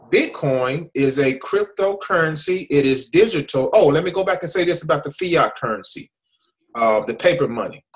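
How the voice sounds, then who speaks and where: A man's voice: medium pitch, fairly bright tone, rough recording. An American man hosting an online hangout, explaining with frequent restarts and repeated "okay?" checks. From USA. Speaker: host. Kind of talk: casual hangout presentation.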